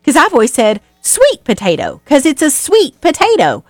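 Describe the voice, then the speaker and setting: A woman's voice: high voice, huge pitch swings, brisk, dry recording, clean studio sound, faint music behind. A woman talking casually to listeners, asking a playful question. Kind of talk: casual chat.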